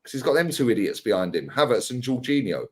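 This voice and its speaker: A man's voice: mid-range voice, big pitch swings, quick pace, darkish tone. A man with a London accent arguing heatedly on a football panel, firing rhetorical questions and mocking the other side by repeating them. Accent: London English.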